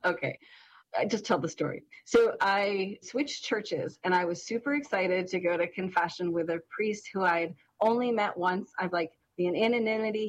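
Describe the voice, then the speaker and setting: Brief: middle-aged woman co-host, distinctive voice, lively storyteller, faint ambience behind. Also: mid-range voice, lo-fi sound, slight background noise. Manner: animated, laughs through her story. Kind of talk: casual storytelling chat.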